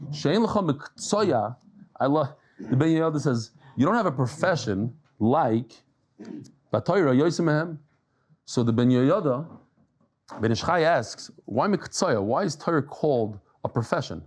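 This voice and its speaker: A man giving a daily Talmud lesson in a lively, conversational way, telling jokes and stories and mixing Hebrew and Aramaic terms into his English. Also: medium pitch. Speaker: Talmud lecturer.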